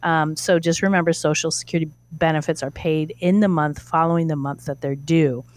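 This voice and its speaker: A female financial advisor answers a listener's question on a radio show. Her voice sits very low for a woman, and her manner is friendly and explanatory. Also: fairly even intonation, a little fast.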